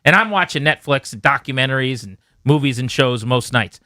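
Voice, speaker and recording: Animated, bright-voiced radio man. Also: mid-range voice, moderate pace, dry recording, studio quality. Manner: animated rant, sarcastic, joking. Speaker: radio co-host. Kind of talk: casual sports radio chat. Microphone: studio microphone.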